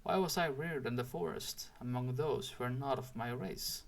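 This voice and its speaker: A man's voice: medium pitch, moderate pace, lightly acted. A man voicing an earnest young man raised in the forest, asking questions with a thoughtful tone.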